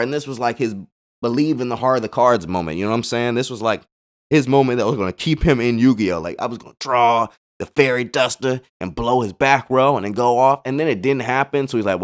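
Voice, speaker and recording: A man's voice: medium pitch, a little fast. A man casually commenting on card-game replays in a laid-back, slangy way, full of chatty asides. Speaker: gaming channel host.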